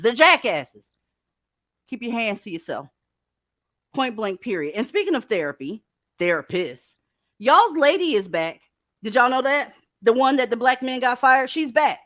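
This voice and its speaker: A woman's voice: fairly high pitch, fairly bright tone, dry recording, studio quality. A middle-aged woman hosting a livestream, talking bluntly and emphatically with plenty of profanity. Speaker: livestream commentary host. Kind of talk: casual commentary livestream.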